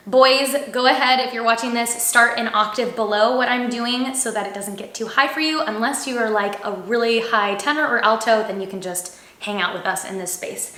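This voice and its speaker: Bright, upbeat woman vocal coach. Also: fairly high pitch. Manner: upbeat, encouraging, checks in with "okay?". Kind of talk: singing lesson, demonstrating exercises. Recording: echoey room.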